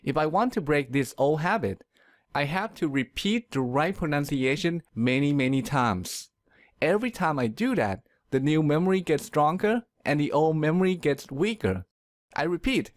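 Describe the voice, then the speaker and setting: A man giving a scripted pronunciation lesson, explaining in a clear, measured way and leaning on words for emphasis. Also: on the high side, no echo, clean studio sound. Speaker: pronunciation teacher.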